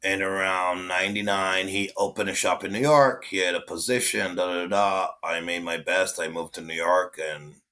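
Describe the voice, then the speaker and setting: Guy in his forties, low punchy voice, lively storyteller who swears and acts out quotes. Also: normal speed, hardly any pauses. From Israel. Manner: animated, swearing, acting out quotes. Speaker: guest, tattoo artist. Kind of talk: casual storytelling.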